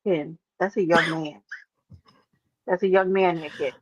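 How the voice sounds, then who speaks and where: A woman's voice: lowish voice, steady tone, a little slow, no echo, dull audio. A woman hosting a casual livestream, brash and teasing, swearing freely as she talks with a caller. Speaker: livestream host.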